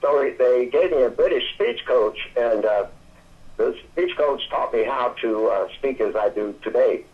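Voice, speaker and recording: An older man from Atlanta, Georgia, calling in as a guest and telling stories in a halting, rambling way with many restarts. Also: mid-range voice, lively intonation. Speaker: phone-in guest. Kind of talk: casual storytelling chat. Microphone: telephone. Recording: tinny phone line.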